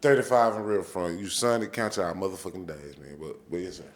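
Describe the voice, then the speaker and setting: A man's voice: deep voice, fast, echoey room. A man hosting a casual interview podcast, dropping blunt joking asides. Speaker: podcast host.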